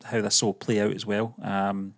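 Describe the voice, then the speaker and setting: A man's voice: fairly low pitch, level tone, normal speed, gravelly. A man co-hosting a casual movie news chat, musing with lots of hesitations. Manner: hesitant, musing, many ums. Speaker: co-host.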